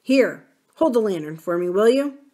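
A woman's voice: mid-range voice, expressive, moderate pace, mellow, close to an everyday voice. Old rancher, earnest and grave, read by a woman. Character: wise old male Irish-born rancher, gentle.

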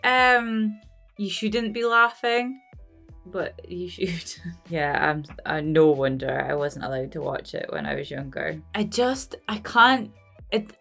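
A woman's voice: mid-range voice, a bit bright. A young woman from Scotland hosting a movie reaction video, chatting casually and rambling while she keeps breaking into giggles. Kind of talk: casual post-movie chat.

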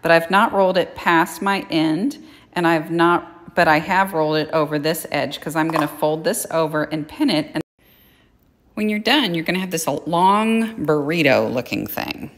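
Casual woman sewing teacher, low voice, step-by-step, echoey kitchen. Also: normal speed. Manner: chatty, plain-spoken step-by-step explaining. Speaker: sewing instructor. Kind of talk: casual how-to tutorial. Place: home kitchen.

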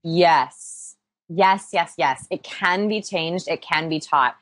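Speaking slowly in a lowish, slightly bright voice with no echo, a people-skills researcher appears as an interview guest. She explains with upbeat energy and pokes fun at herself in a conversational exchange.

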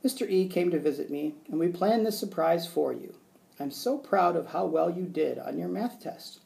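Guy doing the nice teacher lady voice, upbeat, gravelly voice underneath. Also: on the high side, animated, moderate pace, a little mellow. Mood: glad. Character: kind grown woman teacher, warm and cheerful.

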